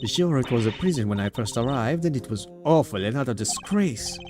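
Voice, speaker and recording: A man's voice: medium pitch, expressive, brisk, over music, lightly acted. A man voicing a pompous, gushing older woman prison warden in a put-on French accent. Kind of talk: game dialogue read aloud.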